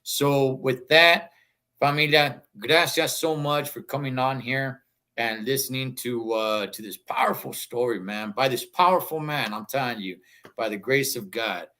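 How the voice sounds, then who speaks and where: A man's voice: mid-range voice, a little slow, pushed and bright. A male host wrapping up his show in a casual, enthusiastic way, slipping in Spanish words. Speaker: podcast host.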